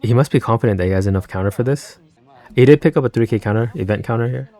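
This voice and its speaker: A man's voice: medium pitch, very fast, dark tone. A man, a card game YouTuber, giving casual live reaction commentary on a match, thinking aloud and rambling into chatty asides.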